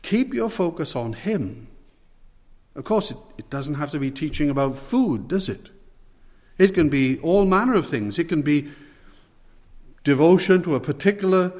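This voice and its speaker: A man's voice: a little high, lively intonation, darkish tone. Earnest male preacher in reverberant church. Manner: earnest, measured, rhetorical questions. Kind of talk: expository sermon.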